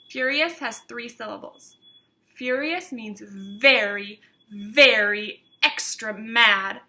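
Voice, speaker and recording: A female teacher reads a picture book aloud to her class with slow, expressive pacing. Her voice is high and bright. She pauses to teach new words to the children. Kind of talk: storybook read-aloud to students.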